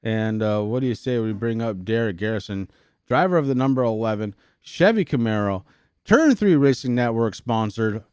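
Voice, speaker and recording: A man commentating a sim racing broadcast, excitable and out of breath, with stammering restarts. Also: on the low side, normal speed, smooth, no echo, studio quality. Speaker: race commentator.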